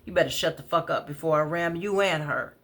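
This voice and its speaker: A woman voicing an angry middle-aged man in a wheelchair who shouts and curses. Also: low-pitched, a little fast. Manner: loud, cursing, combative.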